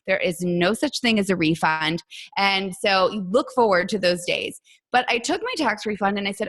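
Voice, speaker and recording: A middle-aged woman fitness coach gives a motivational talk to her team. She is chatty and warm in how she tells her story. She acts out other people's words as she goes. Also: mid-range voice, animated, moderate pace.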